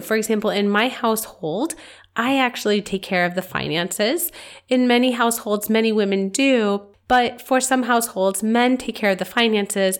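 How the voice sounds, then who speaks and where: Woman physician-host, congested and nasal, chatty solo podcast delivery, candid and personal. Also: mid-range voice. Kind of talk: casual solo podcast talk.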